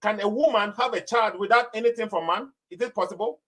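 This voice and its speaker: Man debater, pushy and persistent, high and quick. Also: a bit bright. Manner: insistent, repeats his questions. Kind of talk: heated religious debate.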